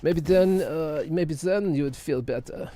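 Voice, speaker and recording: A man puts on a cynical, grumbling character who sneers at everyone around him. The voice sits a touch higher than a typical man's, and he speaks in blunt, scornful jabs. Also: unhurried, warm tone, soft background music, natural voice. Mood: sneering.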